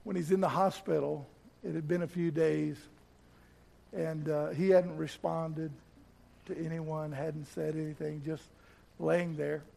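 This middle-aged pastor's sermon in church centers on a personal story, marked by frequent repetition and a soft, slowed delivery in tender moments. His voice is gravelly and fairly high, and his delivery is flat.

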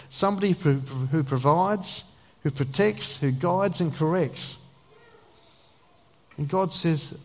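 A man preaching a sermon in an earnest, emphatic way, then praying softly. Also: a little high, big-room sound. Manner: earnest, emphatic preaching, dropping to a soft prayer voice. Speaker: pastor.

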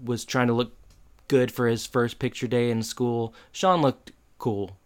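A man co-hosting a podcast, recapping a TV episode in relaxed, rambling casual talk. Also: medium pitch, a little slow, clear, resonant tone. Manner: relaxed, rambling narration with fillers. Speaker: podcast co-host.

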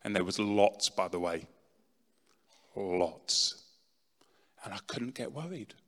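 Animated man telling his story in an echoing hall. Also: lowish voice, takes it slowly. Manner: dramatic, swings from loud to hushed. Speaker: speaker telling his testimony. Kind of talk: personal testimony talk. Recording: long reverb in a large hall.

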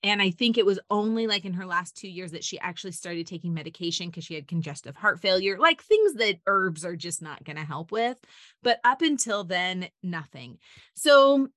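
Brief: middle-aged woman, podcast host, bright voice, dry close sound, chatty and eager. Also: fairly low pitch, expressive, normal speed, no echo. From United States. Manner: chatty, rambling, enthusiastic. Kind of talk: upbeat faith-based podcast chat.

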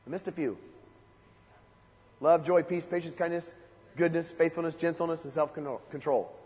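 A man's voice: fairly high pitch, fairly even intonation, moderate pace, a little mellow, highs cut off. A man preaching a sermon, emphatic, with rhetorical questions and lists. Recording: long hall reverb.

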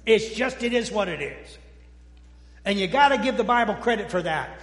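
A man preaching a folksy, conversational sermon as pastor, joking with the congregation and often restarting his sentences before dropping suddenly quiet. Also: high-pitched, normal speed. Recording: echoey hall with long reverb.

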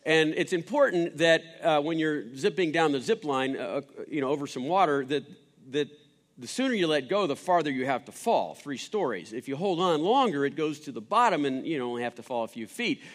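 A man's voice: a little high, expressive, a little fast. A man telling a rambling, sermon-style story, with many restarts and fillers. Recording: long hall reverb.

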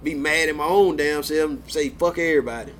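Young male co-host, laid-back and profane, slightly high voice. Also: fairly even intonation, normal speed, slight background noise. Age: young adult. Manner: laid-back, swears freely, acts out groggy mornings. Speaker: podcast co-host. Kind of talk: casual chat.

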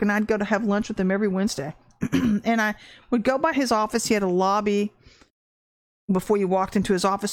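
A middle-aged woman giving a casual spoken sermon, an animated storyteller who laughs often and acts out quotes. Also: medium pitch, dry recording. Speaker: Christian ministry teacher.

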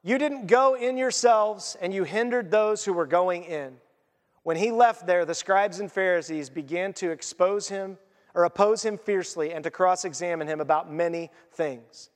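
Lively high-voiced pastor preaching. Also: male voice, moderate pace, in a large hall. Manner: conversational, animated, laughs at his own points. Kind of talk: sermon.

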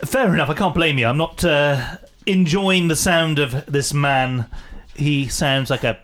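A man's voice: on the high side, a little slow, fairly bright tone, slight background noise. A man hosting a comedy radio show, chiming in with dry, wry remarks. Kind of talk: comedic banter with a guest.

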